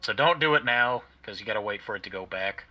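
A man's voice: on the low side, lively intonation, fast, sharp tone, a little hiss or hum. A man playing a co-op video game with friends, joking around with crude banter and laughing often. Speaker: gamer playing co-op. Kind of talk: casual co-op gaming chat.

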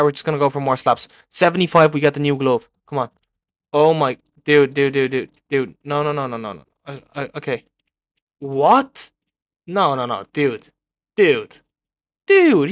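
Excitable young man narrating gameplay. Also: on the high side, dry recording, clean studio sound. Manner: excitable, repeats words in bursts, talks to rivals. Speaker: gaming video creator. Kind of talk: live gameplay commentary.

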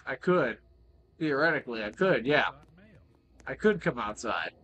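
A man giving excitable, joking playthrough commentary, swearing freely as he plays. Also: mid-range voice, a little slow, slight background noise. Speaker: gaming video creator.

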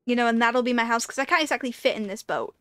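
A woman's voice: fairly high pitch, fast, a bit bright, no room sound. A woman giving casual commentary while playing a video game, talking to herself and breaking into panicked repeated pleas. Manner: chatty, rambling storytelling with fillers. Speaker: gaming video creator.

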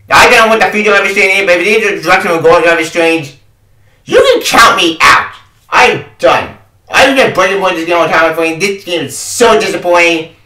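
A man's voice: high-pitched, pushed and bright, far from the mic. Angry ranting man in an echoey room. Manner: exasperated, swearing, repeats himself. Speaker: game reviewer. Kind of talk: angry review rant. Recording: echoey room, away from the mic.

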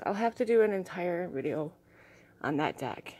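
A young woman vlogging casually as she shows her crystals and artwork, gushing and soft-spoken and often dropping to a hushed tone. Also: fairly low pitch, animated, moderate pace. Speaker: vlogger showing crystals and art. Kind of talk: casual show-and-tell vlog.

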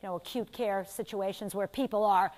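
An older woman with a New York accent, teaching a class in a lively lecture style and putting questions to her students. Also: mid-range voice. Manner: animated, asks the class questions, quick asides. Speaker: instructor.

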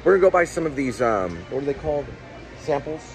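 A man's voice: fairly high pitch, animated, fast, music in the background. A man hosting a vlog, chatting casually and rambling with joking asides while he samples food in a large store. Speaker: vlog host.

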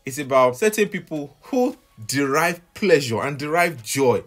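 A man's voice: a little high, expressive, unhurried, hardly any pauses. A young adult man and music minister hosting his own vlog, animatedly lamenting with exasperated laughter. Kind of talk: casual vlog reaction.

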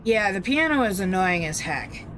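A woman's voice: medium pitch, big pitch swings, moderate pace, noisy background. Chatty woman streaming a game. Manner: chatty, rambling, blunt, swears offhand. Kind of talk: casual live-stream chat.

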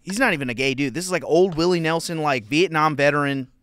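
A young male comedian and podcast host telling a story loudly, with profanity and laughter. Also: a little high, fast talker, clear, resonant tone.

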